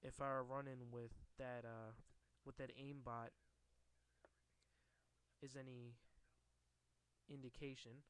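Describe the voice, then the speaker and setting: A man reads a comic book aloud in a casual, offhand way. His voice is smooth and clear. He hesitates often and restarts words as he goes. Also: medium pitch, flat delivery, slow pace, long pauses, fairly bright tone. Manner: hesitant, with restarts and stumbles over names. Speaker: reader recapping a comic book. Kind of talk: casual reading aloud and commentary.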